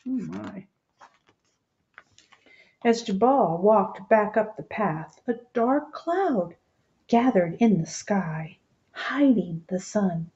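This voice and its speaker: A woman reading a picture book aloud, gentle and expressive, stopping to point out the pictures. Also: mid-range voice, slow, pauses often, lo-fi sound. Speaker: storybook reader.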